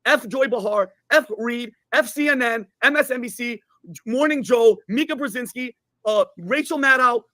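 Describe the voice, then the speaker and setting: Man, high voice, impassioned rant, dry close sound. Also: moderate pace, sharp tone, dry recording. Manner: impassioned, ranting. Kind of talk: heated podcast talk.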